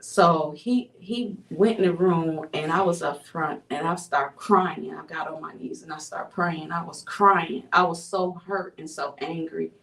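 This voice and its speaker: A woman from Buffalo, New York sharing a personal testimony as an interview guest, telling her story in an animated way with frequent laughs. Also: sits low, unhurried, vocal fry, hardly any pauses. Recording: roomy sound from a distant mic.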